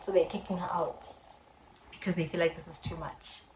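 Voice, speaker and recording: A woman's voice: lowish voice, steady tone, moderate pace, recorded from a distance. A young South African woman in her twenties, telling a story in a casual vlog and retelling it dramatically with quoted voices. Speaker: vlogger. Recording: echoey room, faint background noise.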